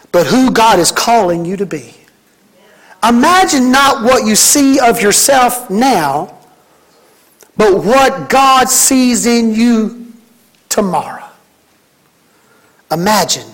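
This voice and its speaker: Male pastor, high-pitched, fervent sermon delivery with repeated phrases. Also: expressive, slow, long pauses, low-quality recording. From Mississippi. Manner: preaching with emphatic, rhythmic repetition.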